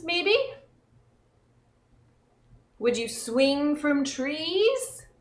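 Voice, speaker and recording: Librarian for pre-k story time: woman, high voice, slow, encouraging delivery for little kids. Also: pushed and bright. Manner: slow, encouraging, talks directly to small children; playful, acts out animals.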